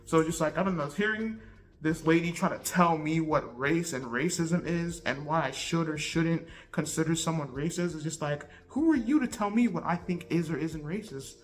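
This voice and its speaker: A young woman telling a casual, slangy story for her vlog in an animated, laid-back way. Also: deep voice, moderate pace. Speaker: vlogger.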